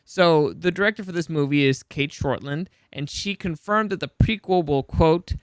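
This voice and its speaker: A man's voice: a little high, normal speed, clear, resonant tone, no room sound. A man hosting a casual pop-culture news vlog, blunt and opinionated, swearing freely and restarting his sentences. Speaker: news commentary host.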